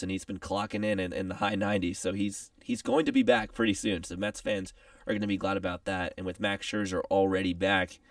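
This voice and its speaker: Gravelly low-voiced young sports radio man. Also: no echo, clean studio sound, distant mic. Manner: casual, conversational, jokey. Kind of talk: sports talk analysis.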